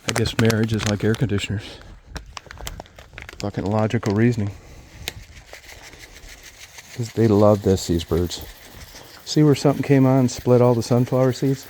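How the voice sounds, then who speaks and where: Low-voiced man, profane and wry. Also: moderate pace, pauses often, warm tone, slight background noise. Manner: profane, wry, self-mocking rant. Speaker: vlogger. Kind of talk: rambling outdoor vlog.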